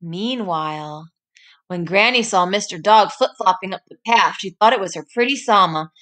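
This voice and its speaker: A woman teacher with a bright, forceful voice reads a story to a class and explains it. She often stops to check in with a quick "right?". Her voice sits at an ordinary middle pitch.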